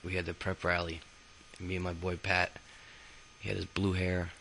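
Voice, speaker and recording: A young man tells his life story in a loose, rambling way, swearing freely. His voice sits very low and has a gravelly rasp, but the tone is bright and forceful. He restarts his sentences often. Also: monotone, normal speed, slight background noise, poor audio. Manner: rambling, profane, full of fillers and restarts. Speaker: autobiography narrator. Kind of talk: casual spoken memoir.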